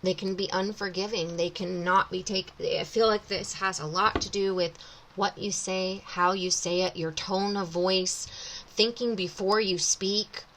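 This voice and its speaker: A woman's voice: medium pitch, a bit bright, slight background noise, low-quality recording. A woman in her thirties giving an intuitive tarot reading, talking casually and often rephrasing as she thinks aloud. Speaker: tarot reader.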